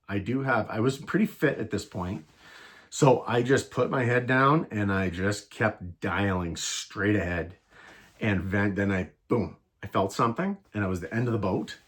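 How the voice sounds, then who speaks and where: A man casually telling a travel story, rambling and animated, with many restarts and fillers. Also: medium pitch, measured pace. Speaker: travel vlogger.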